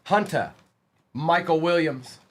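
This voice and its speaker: A young man on a live stream, chatting casually and calling out player names as he opens card packs, getting excited along the way. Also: on the high side, slow pace, slight background noise.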